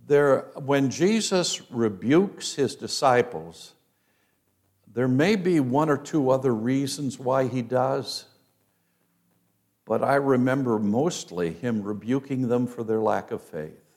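Animated preacher man, slow and dramatic. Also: medium pitch. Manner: dramatic, acts out quoted voices, swings from loud to hushed. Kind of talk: sermon.

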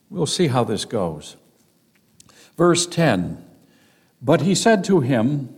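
A man's voice: mid-range voice, sing-song, slow, pauses often, a little mellow, husky. A man teaching through a Bible passage, stressing key words with firm emphasis. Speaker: pastor.

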